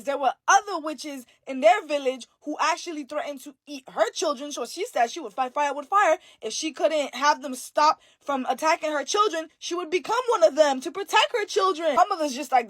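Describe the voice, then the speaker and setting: A woman from Haiti tells spooky family tales in a sassy, animated manner, swearing freely. Her voice sits high, and the recording is close and dry. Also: brisk, hardly any pauses, no room sound. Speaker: storyteller. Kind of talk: casual spooky storytelling.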